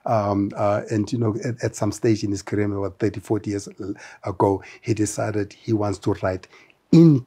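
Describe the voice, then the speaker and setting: A man being interviewed as a guest, talking in an animated way with many hesitations and restarts. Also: on the low side, moderate pace, slightly rough. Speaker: interview guest, brand founder. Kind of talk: conversational interview.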